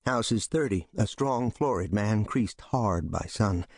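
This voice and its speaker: A man giving scripted literary narration in a measured, steady storytelling delivery. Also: on the low side, breathy edge, no room sound, studio quality. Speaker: audiobook reader.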